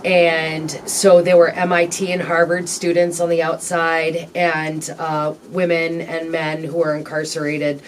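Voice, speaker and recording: Halting, reflective woman telling her story. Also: sits low, flat delivery, far from the mic, a little hiss or hum. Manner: halting, reflective, frequent ums. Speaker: interview guest. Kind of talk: candid personal storytelling.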